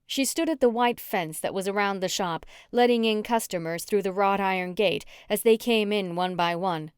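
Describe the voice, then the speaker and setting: Smooth-voiced woman reading an audiobook. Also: mid-range voice, moderate pace, no room sound, clean studio sound. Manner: even, storytelling delivery. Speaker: audiobook narrator. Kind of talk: scripted first-person audiobook narration.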